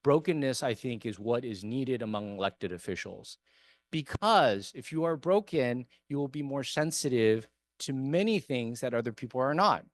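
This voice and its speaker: A man's voice: medium pitch, no room sound. Earnest, emphatic man giving a speech. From came to America as an immigrant. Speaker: city council member. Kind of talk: speech to a meeting. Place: meeting hall.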